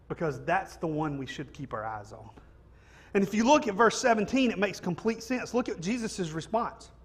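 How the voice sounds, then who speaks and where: A preacher delivering a conversational sermon in a church. His voice sits high for a man, and he keeps it light and jokey, tossing in "right?" to keep the room with him. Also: breathy edge. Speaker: pastor. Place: church sanctuary.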